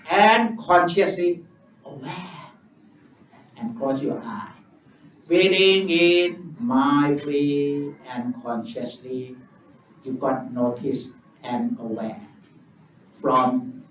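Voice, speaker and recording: A man with an Indonesian accent, a Buddhist monk guiding a meditation session in simple, repetitive English with long pauses. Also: fairly high pitch, slight background noise. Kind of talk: guided meditation teaching. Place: temple or meditation hall. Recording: roomy, distant mic with faint ambience.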